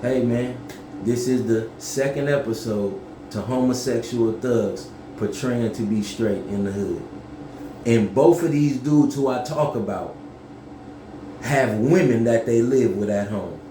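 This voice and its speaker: A man telling a story casually to camera, profane and animated, yelling when he acts things out. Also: medium pitch, a little slow, roomy sound, slight background noise.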